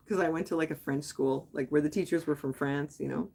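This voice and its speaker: A woman's voice: deep voice, fairly even intonation, normal speed, creaky, warm tone, slightly rough. A woman from Quebec, a native English speaker, hosting a casual late-night livestream and answering viewers' comments in a rambling, candid way. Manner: rambling and candid, thinking aloud with many "like"s and restarts. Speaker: livestream host.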